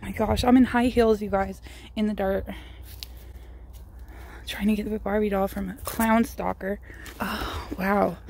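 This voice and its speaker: A woman's voice: medium pitch, fairly even intonation, measured pace, vocal fry, pauses often, a little mellow. A woman vlogging a staged scare, giggling and exclaiming breathlessly in mock fright. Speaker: family vlogger. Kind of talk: staged prank vlog.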